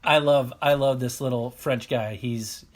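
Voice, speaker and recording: Excitable man telling a story. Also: mid-range voice, measured pace, a little hiss or hum. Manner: excitable, tells a story animatedly with laughs. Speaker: podcast cast member. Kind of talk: casual chat.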